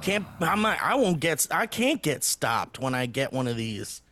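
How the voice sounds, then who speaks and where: A man's voice: on the high side, big pitch swings, normal speed, sharp tone. A man co-hosting a podcast in casual chat, goofy and laughing, trying out silly accents. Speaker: podcast co-host.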